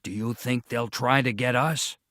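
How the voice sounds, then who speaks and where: A man voicing a stubborn, forceful father in a storybook reading, speaking emphatically and commandingly. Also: mid-range voice, fairly even intonation, a little slow, dry recording, studio quality. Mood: emphatic.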